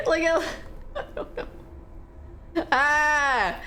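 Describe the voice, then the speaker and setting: A woman streamer giving casual, animated commentary while playing a horror game, swearing, laughing and chatting with viewers. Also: medium pitch, normal speed, slight background noise.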